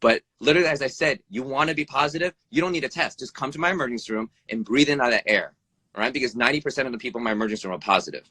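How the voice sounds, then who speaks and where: Speaking in a racing, bright, slightly husky voice, a US emergency room doctor gives blunt advice during a live-streamed video interview, swearing freely and repeatedly asking "right?" He's animated, with his pitch swinging up and down, and the phone-style mic makes the recording dry and close.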